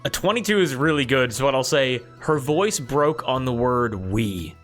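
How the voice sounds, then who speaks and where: A man's voice: mid-range voice, moderate pace, fairly bright tone, faint music behind. A man narrating as game master of a tabletop game, rambling with fillers. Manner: rambling, many fillers and restarts.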